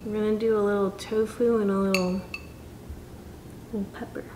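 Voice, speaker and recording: A woman dietitian chatting casually through a home cooking vlog, self-deprecating and quick to laugh. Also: mid-range voice, flat delivery, reverberant, noisy background. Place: home kitchen.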